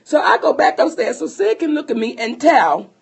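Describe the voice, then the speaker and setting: A woman co-hosting a podcast, telling a personal story in an animated, profane way and laughing often. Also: sits high, moderate pace, creaky. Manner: speaks to listeners as sisters. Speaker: podcast co-host.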